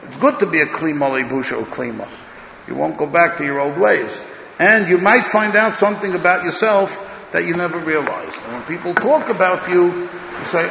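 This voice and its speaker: A man giving a Torah lecture in an emphatic, loud way, swinging between declarations and muttered asides, recorded dull in an echoey hall. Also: a little high, lively intonation, moderate pace, creaky, slight background noise. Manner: talks loudly, says he is hard of hearing. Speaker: rabbi giving a Torah class.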